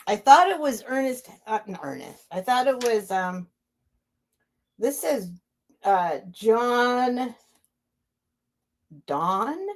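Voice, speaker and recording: A woman's voice: on the high side, sing-song, slow, pauses often. A woman casually chatting on a live stream as she hosts a vintage sale, rambling and laughing as she interrupts herself. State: near tears.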